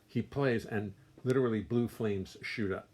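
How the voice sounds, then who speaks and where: An older man with a husky voice on the low side speaks at a normal speed. He's hosting a casual livestream from his music studio, reading out viewers' names and welcoming them warmly, chatty and full of wry self-deprecating jokes.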